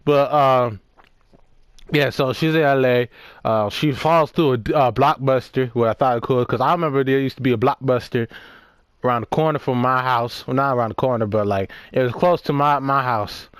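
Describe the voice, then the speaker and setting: A man's voice: mid-range voice, moderate pace, clear, resonant tone, no echo. A young man of about nineteen, casually recapping a movie while playing a game, rambling and swearing with lots of laughs and fillers. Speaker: gaming vlogger.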